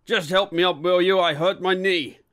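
A man voicing a clumsy, complaining aging police inspector in an audiobook, his voice raised high and loud. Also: measured pace, lightly acted. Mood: pained.

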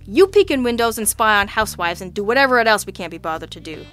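A woman voicing a loud, sarcastic male police lieutenant who barks and bellows in exasperation. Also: mid-range voice, animated, quick pace, soft background music, close to an everyday voice. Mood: angry, bellowing. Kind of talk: audiobook character reading.

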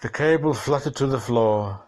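A man narrates a tense short story as an audiobook, measured and dramatic. His voice sits at an ordinary middle pitch.

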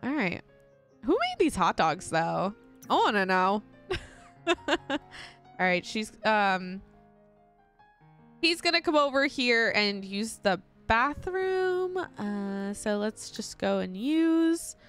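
A woman's voice: mid-range voice, very animated, slow pace, pauses often, fairly bright tone, soft background music. A young woman casually commentating her life-sim gameplay, gushing and giggling often. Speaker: gaming channel host. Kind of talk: casual let's play commentary.

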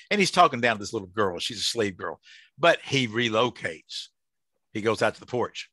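A man's voice: mid-range voice, animated, fairly quick, pushed and bright, no room sound. A man, teaching a casual Bible study to an online group. He jokes and asks the group questions.

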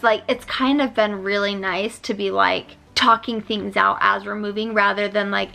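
A woman's voice: mid-range voice, steady tone, moderate pace, gravelly, sharp tone. A young woman vlogging with her husband, chatting casually and animatedly. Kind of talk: casual chat.

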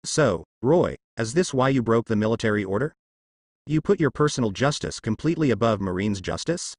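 A man voicing a cold, ruthless male navy vice admiral with a hoarse, icy delivery. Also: medium pitch, animated, brisk, a little mellow, no echo, studio quality, natural voice.

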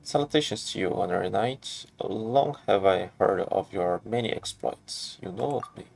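A man's voice: fairly low pitch, animated, a little slow, vocal fry, a little mellow, soft background music, heavily acted. A man reading the lines of an eccentric, theatrical male inventor in a game, speaking grandly and wordily. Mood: grandiloquent. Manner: grandiose, wordy speech. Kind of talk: game dialogue read aloud.

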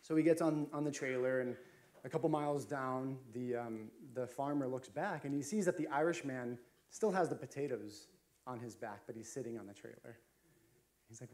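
A man's voice: mid-range voice, normal speed, darkish tone. A man preaching a sermon as a pastor, chatty and storytelling, with frequent fillers and restarts. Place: church sanctuary.

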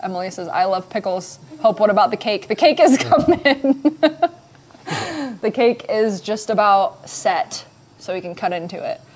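A woman's voice: mid-range voice, lively intonation, a little slow, a little hiss or hum. A young woman hosting a casual livestream from a home kitchen, giggling often and reading viewer comments aloud. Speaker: livestream host.

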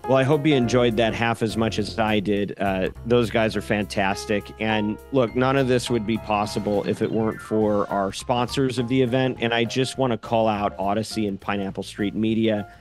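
A man's voice: on the low side, fairly even intonation, normal speed, few pauses, faint music behind. A man hosting, reading a scripted podcast outro and sponsor message. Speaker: podcast host.

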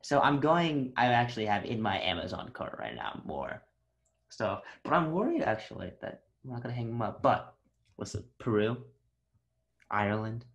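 A man's voice: mid-range voice, big pitch swings, moderate pace. A young man in casual chat, joking and trailing off with fillers as a podcast co-host. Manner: jokey, trailing off with uh.

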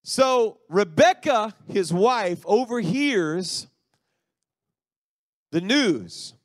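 A man preaching a sermon, retelling a story in an animated, folksy way and acting out the voices. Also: sits high, extremely slow, dry recording, studio quality.

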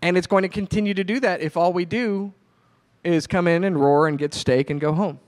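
Man, pastor, sermon, chatty storyteller, somewhat high voice. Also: fairly quick. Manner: conversational storytelling, animated retelling.

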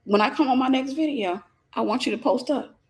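A woman's voice: sits high, fairly quick. A woman with a Southern accent giving a preachy, informal Christian lesson on relationships, emphatic and repetitive with folksy jokes.

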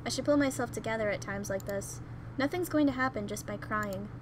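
A young woman gamer reading a visual novel aloud with gushing, excitable asides. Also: fairly high pitch, a little fast, background noise.

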